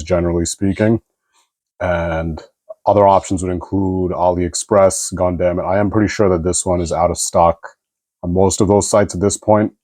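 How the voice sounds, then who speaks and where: A man with a deep, mellow voice talks through a figure review in an easygoing, rambling way. He leans on fillers and loose asides. The sound is close and dry, with no room around it. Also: no room sound. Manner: relaxed, rambling, frequent fillers. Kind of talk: casual product review.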